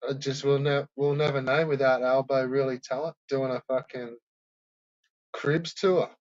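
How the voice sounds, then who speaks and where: A man's voice: medium pitch, flat delivery, moderate pace, dry recording, muffled recording. A man rambling through a profane, casual commentary, laughing often.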